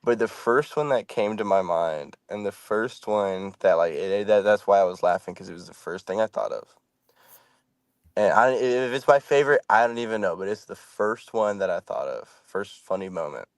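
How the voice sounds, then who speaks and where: Male podcast guest, low dry voice, animated storyteller who keeps saying "man". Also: normal speed, no room sound. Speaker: scare actor guest.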